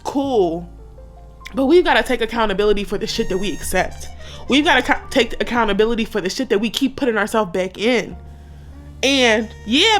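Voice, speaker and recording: Candid, emotional woman in her thirties. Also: fairly high pitch. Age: 30s. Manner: emotional, blunt, heavy swearing. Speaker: vlogger. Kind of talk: candid personal vlog talk.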